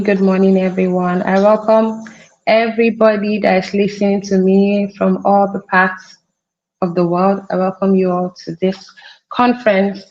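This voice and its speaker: A woman's voice: medium pitch, a little mellow, lo-fi sound. A young woman from Nigeria, a makeup artist, giving a conference talk in an instructive way and repeating her key points for emphasis. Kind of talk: conference presentation.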